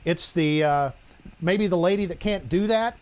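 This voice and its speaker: A man's voice: sits high, a little slow. A middle-aged man, a former police officer, telling wry stories in a casual podcast chat. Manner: wry, joking storyteller.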